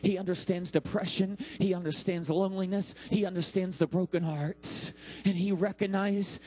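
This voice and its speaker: A man in his thirties preaching a sermon as pastor, with dramatic pauses and acted-out quotes. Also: high-pitched, fairly even intonation, a little mellow, breathy edge, poor audio. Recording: mains hum.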